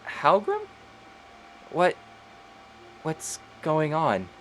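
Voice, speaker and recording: A man voicing a gentle young woman just brought back to life, speaking softly and with tenderness. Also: a little high, wildly swooping pitch, very slow, a little hiss or hum, pitched above the performer's own voice, exaggerated voice. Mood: bewildered.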